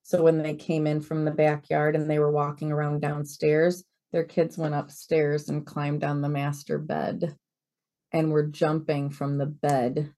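A woman in her forties, a real estate broker and podcast guest, telling stories in a lively way and acting out the quoted dialogue. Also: sits low, unhurried. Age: 40s. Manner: lively storyteller who acts out quoted dialogue. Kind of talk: conversational interview storytelling.

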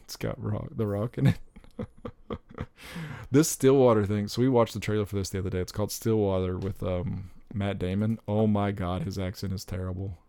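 A young man talks casually and rambles, breaking into excited exclamations. His voice sits low and gravelly with a dark, mellow tone. The recording is dry and close. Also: moderate pace, no room sound. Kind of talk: casual chat about upcoming movies.

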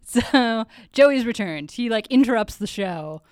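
A woman's voice: a little high, expressive, measured pace, no echo, studio quality. A woman co-hosting a podcast, recapping a TV episode in casual chat and laughing often. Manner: giggly, laughs often between lines. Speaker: podcast co-host.

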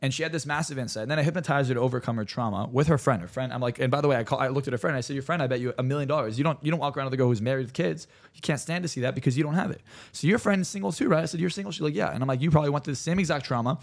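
A man, a hypnotherapist on a podcast, telling stories in a rapid, animated and profane way. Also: medium pitch, vocal fry. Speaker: hypnotherapist guest. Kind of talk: casual podcast chat.

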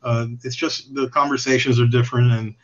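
A man's voice: mid-range voice, flat delivery, fairly quick, fairly bright tone. A man guest telling stories in casual chat, rambling and swearing with chuckles. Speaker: podcast guest. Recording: slightly dull lo-fi recording.

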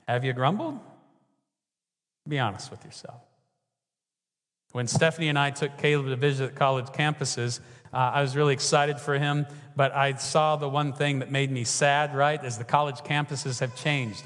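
A man's voice: medium pitch, moderate pace, long pauses, a bit bright. A man preaching a sermon, often asking the congregation questions. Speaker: pastor. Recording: long reverb of a large hall.

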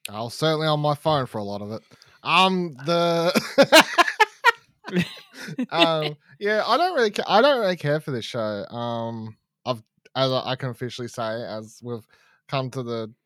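A man's voice: medium pitch, animated, a little slow, a bit bright, no room sound. A man co-hosting a casual podcast, laid-back, dry and dismissive in his opinions. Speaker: podcast co-host. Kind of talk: casual podcast review chat.

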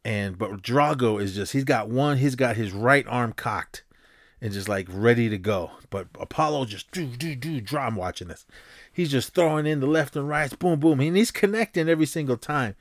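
A man's voice: mid-range voice, moderate pace, dry recording, studio quality. A man hosting a podcast, retelling a film scene in a loose, rambling way and acting out punches with sound effects. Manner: animated storytelling, acts out scenes with sound effects; loose and rambling, many fillers and restarts. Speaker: podcast host. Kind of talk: casual movie recap.

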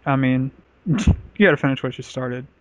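A man's voice: medium pitch, steady tone, normal speed, no echo. A man casually telling a crude personal story on a podcast, rambling with lots of filler words. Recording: dull, lo-fi podcast audio.

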